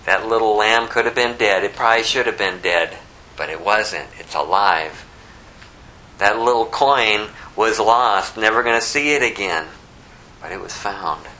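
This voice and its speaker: A man preaching a sermon with a bright, forceful voice. He tells the story in a folksy, animated way, leaning on its drama and asides. A faint noise sits under his voice. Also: lowish voice, measured pace, low-quality recording.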